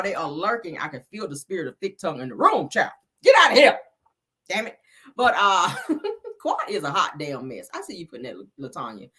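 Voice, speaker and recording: A woman's voice: mid-range voice, sharp tone. A woman hosting a casual celebrity gossip show, talking in a sassy, blunt and profane way and laughing at her own slips. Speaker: host.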